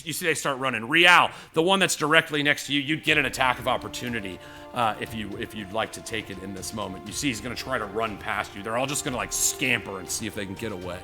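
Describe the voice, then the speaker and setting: Speaking over music, a man with a lowish voice narrates a scene as game master at a quick pace. He rambles animatedly, peppering his lines with "you know" and "like" and acting things out.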